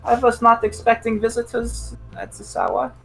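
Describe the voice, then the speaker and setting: Male GM doing a wary resident on an intercom, pitched up. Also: huge pitch swings, normal speed, gravelly, a bit bright, faint music behind, exaggerated voice, rough recording. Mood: flustered.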